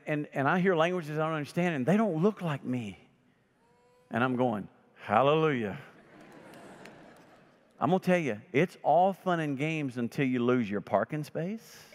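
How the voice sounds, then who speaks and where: A man in the pulpit, preaching with a fairly high voice and acting out the people in his stories. His sermon rings with the long reverb of a church sanctuary. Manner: preaches by telling anecdotes and voicing the people in them. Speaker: pastor.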